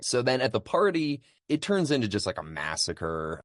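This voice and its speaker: A man's voice: mid-range voice, big pitch swings, moderate pace, no room sound, studio quality. A man co-hosting a podcast, recapping movie scenes in a casual, chatty way and acting out quotes. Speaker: podcast co-host.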